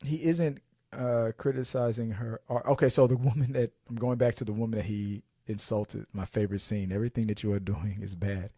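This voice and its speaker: A podcast host with a medium-pitched, dark male voice talks movies casually, rambling, restarting sentences, and acting out scenes along the way. The recording is studio quality with no echo.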